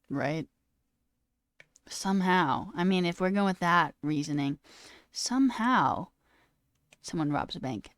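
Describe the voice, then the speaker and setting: A woman streamer ranting in a casual, animated way, swearing and mocking voices in quotes. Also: fairly low pitch, slow, pauses often, no echo, studio quality. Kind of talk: casual live-stream rant. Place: home room.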